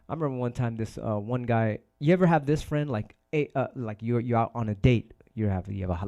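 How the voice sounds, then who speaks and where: A man's voice: mid-range voice, animated, a little fast, darkish tone. A man hosting a casual livestream chat, rambling and swearing a lot, often repeating his phrases. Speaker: DJ and host.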